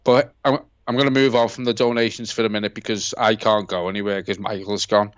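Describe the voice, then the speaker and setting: A man's voice: on the low side, little pitch movement, fairly quick, no room sound, dull audio. A man co-hosting a live football watch-along, chatting and reading out donations in a heartfelt, sweary way. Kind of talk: casual live-stream chat, reading out donations.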